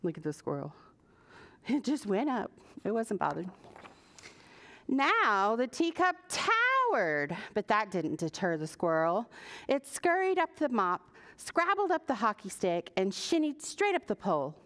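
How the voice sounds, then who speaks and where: Slow, lively woman reading to preschoolers. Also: medium pitch. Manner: animated, asks the children questions. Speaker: children's librarian. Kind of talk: preschool story time reading.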